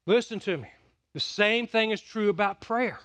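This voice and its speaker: A middle-aged man preaching a sermon, telling stories with big swings from loud excitement to hushed quiet. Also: high voice, normal speed. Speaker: pastor.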